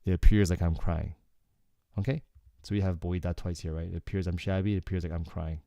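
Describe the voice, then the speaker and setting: A man with a low, mellow voice walks through a song's lyrics as a casual Korean lesson. His tone is smooth and clear, and he keeps checking in with learners as he explains. The sound is close and dry. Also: fast talker, no room sound. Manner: relaxed, explanatory, frequent "okay" and "like". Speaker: Korean language teacher.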